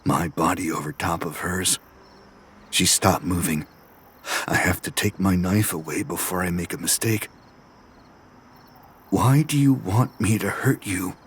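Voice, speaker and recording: An actor playing an obsessive, murderous young man who narrates his own thoughts in an audio drama, in a hushed, menacing and unhinged way. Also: sits low, unhurried, pauses often, husky, exaggerated voice. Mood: brooding, then crooning. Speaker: narrating character. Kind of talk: first-person audio drama monologue.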